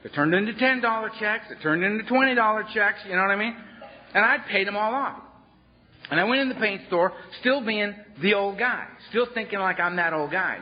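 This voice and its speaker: Blunt male workshop speaker, animated salty storytelling, higher voice, dull lo-fi workshop tape. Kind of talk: storytelling talk. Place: workshop room.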